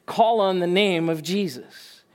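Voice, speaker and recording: A man's voice: sits high, measured pace, darkish tone. A male pastor preaching a sermon in an emphatic, conversational way, asking rhetorical questions.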